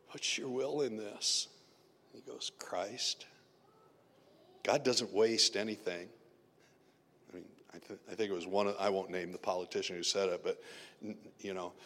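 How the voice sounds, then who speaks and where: A man preaching a sermon in a conversational way, moving from loud emphatic questions to soft murmurs. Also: fairly low pitch, long reverb tail. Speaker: pastor.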